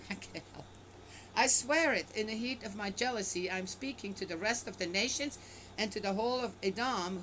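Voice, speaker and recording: A woman at an ordinary middle pitch reads scripture aloud, then breaks off to pick it apart in casual asides. Her tone is skeptical and offhand. A faint noise hangs in the background. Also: fairly bright tone, low-quality recording. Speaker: bible reader and commentator. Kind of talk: casual scripture reading with commentary.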